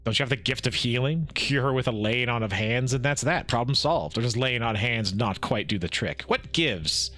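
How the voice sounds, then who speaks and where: A man streaming a game live, reading the dialogue aloud with quick asides and frequent laughs. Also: medium pitch, lively intonation, bright, forceful tone, soft background music.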